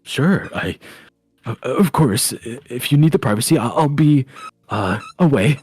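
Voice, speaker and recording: Man playing a flustered polite host for a tabletop game, stammering, raised pitch, husky. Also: expressive, measured pace, a little mellow, no room sound, studio quality, soft background music.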